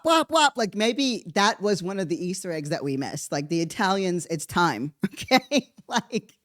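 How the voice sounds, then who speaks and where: A podcast host talking in a casual comedic monologue, animated and rambling, laughing often between asides. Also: medium pitch, dry recording, studio quality.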